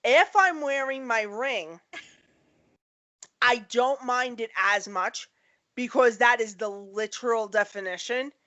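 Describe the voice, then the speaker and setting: A woman's voice: fairly high pitch, slow, sharp tone. A young woman co-hosting a podcast in casual chat, telling stories animatedly and acting out the voices of people she quotes. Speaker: podcast co-host. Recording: dull lo-fi podcast audio.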